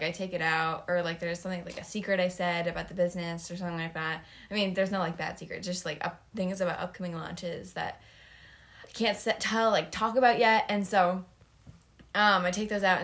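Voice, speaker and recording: A woman's voice: mid-range voice, a bit bright. Young woman podcast cohost, chatty, rambly, lots of ums and giggles. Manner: giggly, rambling with many fillers. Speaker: podcast co-host. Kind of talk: casual chat.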